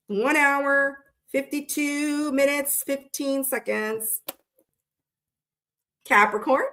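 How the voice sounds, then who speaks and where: A middle-aged woman doing a casual live-stream tarot reading, talking in a chatty, blunt and animated way. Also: on the high side, moderate pace, long pauses. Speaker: tarot reader.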